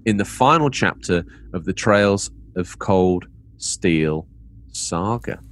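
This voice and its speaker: In a low, expressive voice and at a slow pace, this podcast co-host jokes around and reads game-release announcements while laughing. There's slight background noise in the recording.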